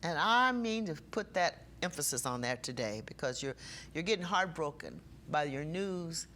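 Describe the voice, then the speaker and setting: A woman preaching a sermon with passion, slowing down and getting louder when she reads scripture. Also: low-pitched, animated, a little hiss or hum.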